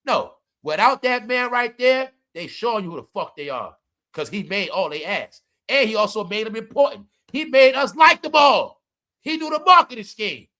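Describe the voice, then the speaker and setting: A man delivering loud, profane celebrity commentary, scolding his viewers and hammering the same points over and over. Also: very high-pitched, sing-song, normal speed. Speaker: commentary vlogger.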